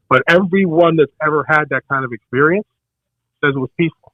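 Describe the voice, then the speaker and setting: A man's voice: a little high, breathy edge, no room sound, narrow, tinny audio. An older man, the hosts' father, telling a story in casual chat and acting out what others said. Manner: rapid, excited storyteller acting out others' lines.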